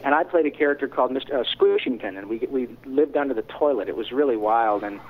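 A man's voice: mid-range voice, lively intonation, fast talker, phone-quality sound. A man, a voice actor, chatting in an interview in a joking, rambling way. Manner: chatty, joking, full of filler restarts. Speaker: voice actor, guest. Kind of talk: interview chat.

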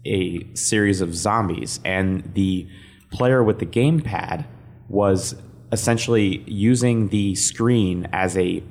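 A man's voice: sits low, takes it slowly, darkish tone. A man co-hosting a casual gaming chat, describing gameplay he tried. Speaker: podcast co-host.

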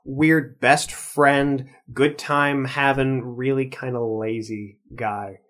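A man hosting a podcast, chatting casually and stretching words out for emphasis. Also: medium pitch. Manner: animated, drawn-out emphasis. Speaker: podcast host. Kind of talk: casual chat.

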